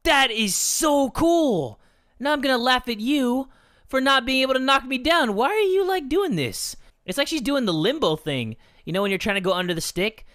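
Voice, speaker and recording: Energetic gaming host, bright voice, wide swings in pitch, loud and profane, faint music underneath. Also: male voice, moderate pace. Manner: loud, swearing, bursts of shouting and laughter. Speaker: gaming YouTuber. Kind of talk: excitable let's-play commentary.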